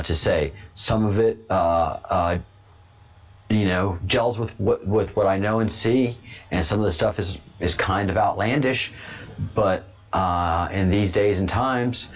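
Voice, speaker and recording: A man hosts a casual livestream and talks to his chat, slightly low in pitch. He rambles and halts, full of fillers and restarts. The audio is dull and lo-fi. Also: unhurried. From born in Texas, raised abroad and in Louisiana. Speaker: livestream host.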